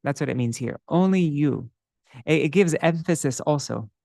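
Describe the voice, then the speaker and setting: A man's voice: a little high, creaky, darkish tone, dry recording, studio quality. A man teaching a devotional song text in a live class, explaining words one by one and stopping to look them up in a dictionary. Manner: chants scripture verses slowly.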